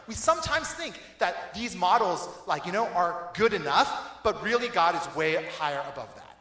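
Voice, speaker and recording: A young adult man giving a casual youth sermon, lively and conversational, laughing often and checking in with the listeners. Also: high voice, fairly quick, hardly any pauses, roomy sound. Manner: animated, laughing, conversational with frequent "right?" and "okay?". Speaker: youth pastor. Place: church hall.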